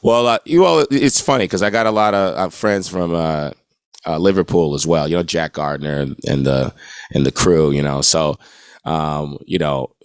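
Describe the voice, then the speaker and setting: On a podcast, an American guest guitarist from the United States talks in a laid-back, casual way, swearing freely and repeatedly asking "you know what I'm saying." His voice is extremely low, smooth, and moderately paced. The studio-quality recording has no room sound.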